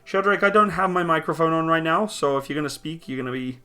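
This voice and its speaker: A man's voice: fairly high pitch, quick pace, pushed and bright, clean tone. Upbeat man chatting on a live stream. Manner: upbeat, reads viewer comments aloud and replies. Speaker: YouTube streamer answering live chat. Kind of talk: casual live-stream chat. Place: home room.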